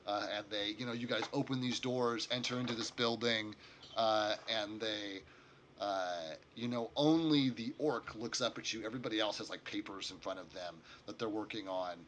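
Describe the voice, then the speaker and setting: A man's voice: mid-range voice, a bit bright, a little hiss or hum. A man narrating as game master of a tabletop game, rambling with lots of fillers.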